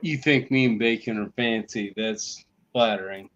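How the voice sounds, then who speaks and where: A man co-hosting a casual podcast, halting and repeating himself through false starts. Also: fairly low pitch, a bit bright, lo-fi sound, slight background noise. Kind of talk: casual chat.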